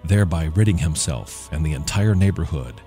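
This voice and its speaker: A man reading a folk tale aloud as narrator, in measured, even storytelling. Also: very deep voice, faint music behind.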